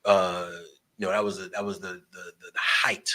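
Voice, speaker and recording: Bright husky-voiced man telling stories. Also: low-pitched, normal speed. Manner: animated, swears freely, acts out quoted voices. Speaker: guest storyteller, concert promoter and barber. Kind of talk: casual storytelling interview.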